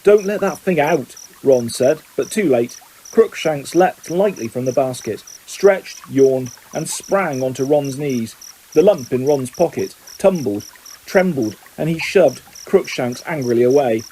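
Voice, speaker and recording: A man reading a novel aloud at a steady pace, raising his voice slightly for the characters' lines. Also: a little slow, slight background noise, poor audio. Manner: reads steadily, lifting pitch for quoted lines. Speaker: audiobook reader. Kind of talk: scripted narration.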